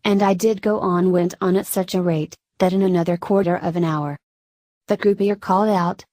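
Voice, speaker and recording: A woman narrating a classic story in a steady, measured audiobook reading. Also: fairly low pitch, no room sound.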